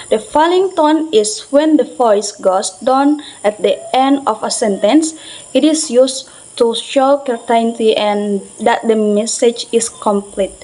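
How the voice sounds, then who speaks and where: A young woman with a fairly high voice presents her part of a class talk. She reads steadily from her notes, stumbling and restarting now and then. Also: darkish tone, low-quality recording. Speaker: student presenter.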